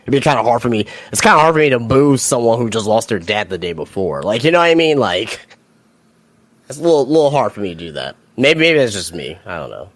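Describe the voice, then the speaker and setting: A man in casual wrestling chat, halting and full of "like" and "you know". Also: mid-range voice, very animated, dry recording.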